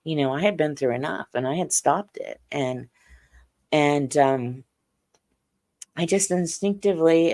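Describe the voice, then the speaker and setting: A woman's voice: deep voice, a little mellow. A middle-aged woman, a podcast guest, telling her experiences in earnest detail. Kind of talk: interview on a podcast.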